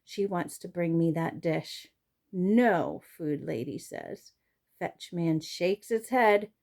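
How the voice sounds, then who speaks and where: Slow, mellow woman reading a storybook. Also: on the low side. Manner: expressive, storytelling delivery. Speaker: reader. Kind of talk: reading a children's chapter book aloud.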